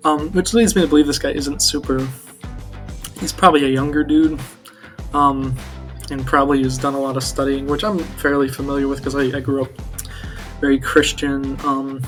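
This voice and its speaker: A man's voice: medium pitch, flat delivery, normal speed, a bit bright, soft background music. A man vlogging in a rambling, filler-heavy, dismissive way as he recounts an online chat.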